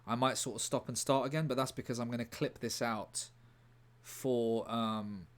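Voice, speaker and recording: A man streaming live in a rambling, deadpan way, breaking off to answer his chat. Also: medium pitch, normal speed. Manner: rambling, deadpan, self-interrupting. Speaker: livestreamer reading chat. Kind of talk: casual livestream chat.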